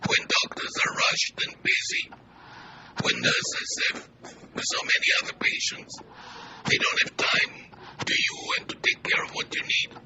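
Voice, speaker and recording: An older man with an Israeli accent and a whispery, weak voice, speaking earnestly in short measured phrases in an interview. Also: highs cut off. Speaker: physician interviewee.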